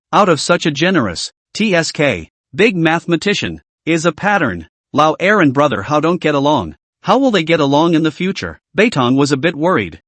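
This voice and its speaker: A man reads a scripted story recap in a steady way. His voice sits a little high and moves widely in pitch. The recording is dry, with no room sound. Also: no room sound. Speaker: narrator.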